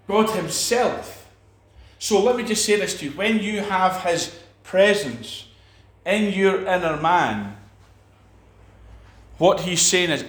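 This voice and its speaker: Man, preacher, emphatic, repeats himself, fairly high voice, echoey room. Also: fairly bright tone. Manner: emphatic, repeats phrases and restarts. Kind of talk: sermon.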